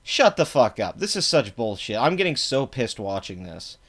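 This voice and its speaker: A man's voice: mid-range voice, sing-song, a bit bright. A young man hosting a reaction video, ranting angrily and profanely about a clip, with frequent fillers. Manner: angry, profane, fast-talking rant with frequent fillers. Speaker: political commentary video host. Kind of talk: reaction rant.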